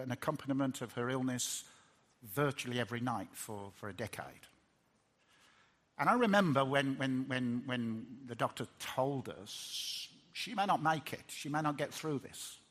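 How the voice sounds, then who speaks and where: A middle-aged man preaching a sermon in an earnest way, often restarting words and swinging from loud emphasis to hushed tones. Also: medium pitch, normal speed.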